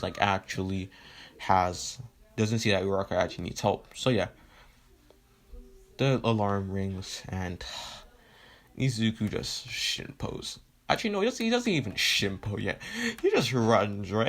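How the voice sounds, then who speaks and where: A man telling a fan story in a casual, rambling way with lots of fillers and swearing. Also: lowish voice.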